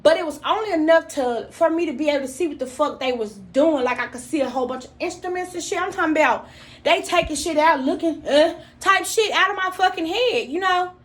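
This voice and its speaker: Profane, animated woman telling a story. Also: sits high, fairly quick. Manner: profane, animated, talks straight to viewers as "y'all". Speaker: vlogger. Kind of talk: casual storytelling to viewers.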